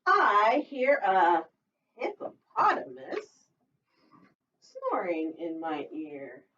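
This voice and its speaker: A young woman librarian reading a picture book aloud for a children's storytime in a lively sing-song way, often laughing. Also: medium pitch, very slow. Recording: distant dull mic in a room.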